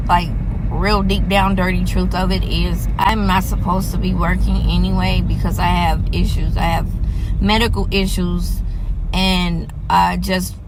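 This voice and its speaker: Gravelly-voiced woman close to tears. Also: on the low side, heavy background noise. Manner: halting, tearful, trailing off softly. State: on the verge of tears. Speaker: vlogger. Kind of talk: emotional personal storytime. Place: parked car.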